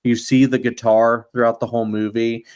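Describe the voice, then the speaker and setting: A man's voice: mid-range voice, flat delivery, moderate pace, darkish tone, smooth. Rambling man in a casual film chat. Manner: rambling, hesitant, with many fillers. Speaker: podcast co-host.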